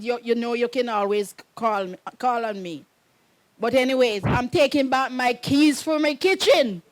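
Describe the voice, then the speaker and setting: A middle-aged woman, the groom's mother giving a wedding message, telling a meandering story, often saying "anyways" and laughing. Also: high-pitched. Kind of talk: rambling personal storytelling.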